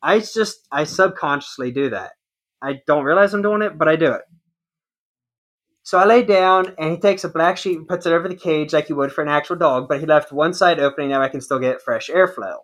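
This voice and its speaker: Animated man telling a story. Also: a little high, brisk. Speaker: podcast co-host. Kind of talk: casual chat.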